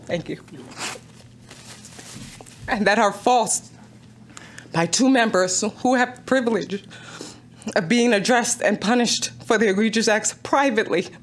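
A woman's voice: medium pitch, a little slow, long pauses. A woman speaking at a town council public comment, emotional, pleading and insistent.

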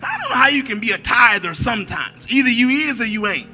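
A man preaching a sermon as a pastor, shouting at the peaks, dropping to quiet asides, and repeating his phrases. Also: very high voice, animated, quick pace, soft background music.

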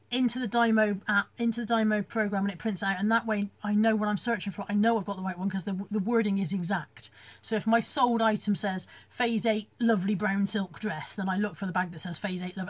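A British woman hosting a casual live chat from home, reading out viewer comments and laughing often as she talks into her phone. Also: mid-range voice. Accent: British English.

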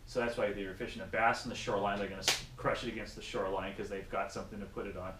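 A man chatting casually about fishing, an animated storyteller who acts out other people's lines. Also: on the low side, very fast. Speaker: guest angler. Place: in a car on the road. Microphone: action camera. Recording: echoey and distant, faint noise.

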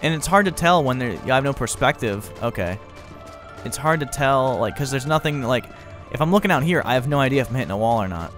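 A young man giving excitable, chatty let's-play commentary, laughing often. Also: medium pitch, fast, soft background music. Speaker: gaming video host.

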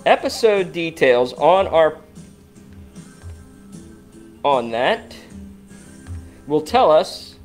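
A man's voice: fairly high pitch, very slow, long pauses, faint music behind. A man co-hosting a casual podcast, animatedly walking through listener numbers and chatting with his partner. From Cincinnati, Ohio area. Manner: animated, walks through download stats. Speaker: podcast co-host.

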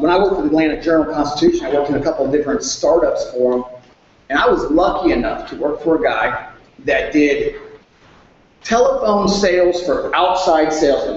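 Lively man in an echoey room. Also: fairly high pitch, slight background noise. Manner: lively, acts out phone calls in raised voices. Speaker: sales speaker at a workshop. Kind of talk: animated workshop talk. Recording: echoey room, dull lo-fi sound.

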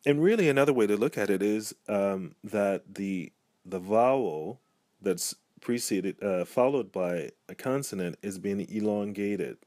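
A man's voice: lowish voice, unhurried, darkish tone, no echo, studio quality. A man giving a pronunciation lesson, speaking patiently and repeating each example word. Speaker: language teacher. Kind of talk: pronunciation tutorial.

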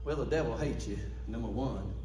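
A man's voice: medium pitch, fairly quick, warm tone, slight background noise. A man preaching a sermon as pastor, fervent, calling out to the congregation for responses. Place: church sanctuary. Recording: echoey church from far off.

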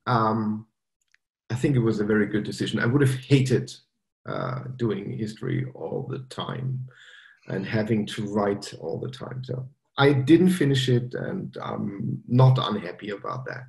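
A German man with a German accent, chatting casually as a podcast guest, relaxed and hesitant with many fillers. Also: fairly low pitch, a little slow, vocal fry, reverberant. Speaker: guest developer. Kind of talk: casual interview chat.

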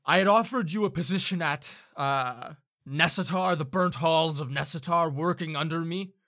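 A man voicing a formal, persuasive male tiefling mage who speaks haltingly but insists. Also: on the high side, pushed and bright.

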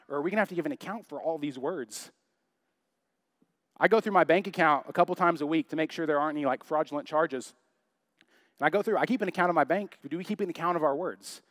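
A man's voice: fairly high pitch, fairly bright tone, dry recording, studio quality. A young adult man preaching a sermon in church, chatty and joking, full of rhetorical questions. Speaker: pastor.

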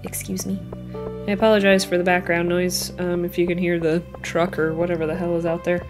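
A woman's voice: lowish voice, little pitch movement, a little fast, music in the background. A woman hosting a casual let's-play, chatting, reacting with laughs and talking to game characters, recorded on a headset mic at home. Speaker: gaming channel host. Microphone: headphones with mic.

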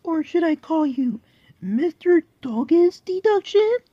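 A woman's voice: very high-pitched, sing-song, takes it slowly, warm tone, no room sound, exaggerated voice. A woman voicing a goofy, rambling male cartoon cat who talks in a jumpy, silly way, heard on a dull lo-fi recording. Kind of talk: cartoon voice acting.

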